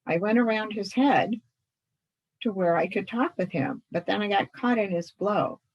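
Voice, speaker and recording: A woman's voice: medium pitch, animated, moderate pace, breathy edge, dull audio, pitched above the performer's own voice. A woman voicing a small female screech owl who stutters hoots before her words. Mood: worried.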